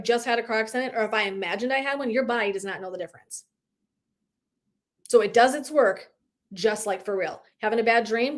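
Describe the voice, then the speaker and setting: A woman in her thirties, a wellness coach, talking casually and animatedly on a live video, swearing lightly and laughing often. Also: fairly high pitch. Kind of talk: casual live-stream talk.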